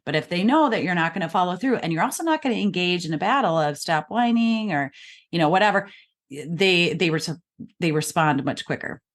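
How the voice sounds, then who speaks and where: A calm middle-aged woman with a lower voice walks through parenting advice as a guest. She explains patiently, step by step. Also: a little fast. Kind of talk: advice in interview.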